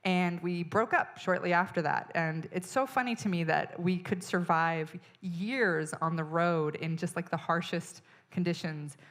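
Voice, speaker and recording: Woman stand-up comic with a lowish voice, animated storyteller, exasperated, acts out the people she talks about. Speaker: stand-up comedian. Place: stage in front of an audience.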